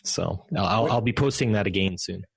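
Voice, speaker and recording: A man with a fairly low voice recounts his story as a guest on a podcast. He rambles and restarts often, quoting people as he goes. The sound is dry, with no room in it. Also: a little fast, gravelly, breathy edge, no echo. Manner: rambling, with many restarts and acted quotes. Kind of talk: casual interview storytelling.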